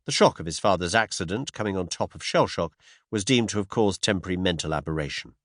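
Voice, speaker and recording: A man narrating a classic detective story in a measured, expressive storytelling manner. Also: low voice, dry recording, clean studio sound. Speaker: audiobook narrator. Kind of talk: scripted narration.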